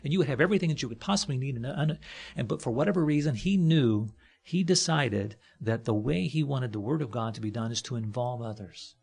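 A man's voice: medium pitch, a little fast, creaky, a little mellow, husky. A man preaching a conversational sermon from a church platform, folksy, with joking asides and frequent fillers.

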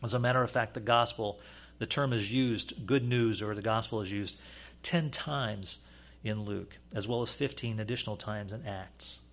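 A man preaching a teaching sermon, pausing often with fillers and restarts. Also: lowish voice, fairly bright tone. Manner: halting, many fillers and restarts. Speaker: pastor.

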